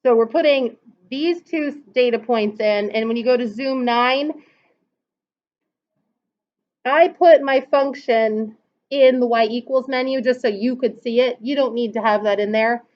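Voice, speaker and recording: A woman's voice: fairly high pitch, measured pace. A woman teaching a math class, patiently walking through calculator steps and asking students questions. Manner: patient, explains step by step and asks the class questions. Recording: dull lo-fi classroom recording.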